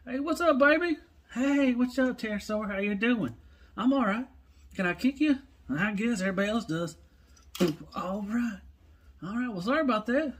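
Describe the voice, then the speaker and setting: A high, squeaky toy robot chatters away in loose, rambling banter, full of mock scolding and easy greetings, as a man puts him on for a playful skit. The voice sits far above a grown man's normal talk and stays soft and offhand. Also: breathy edge.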